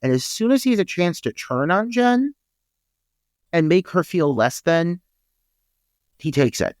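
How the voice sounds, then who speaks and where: Emphatic man with a lively swinging pitch. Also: measured pace, clear, resonant tone, dry recording. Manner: emphatic and indignant, repeats himself, swears. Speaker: podcast co-host. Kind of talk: casual film discussion.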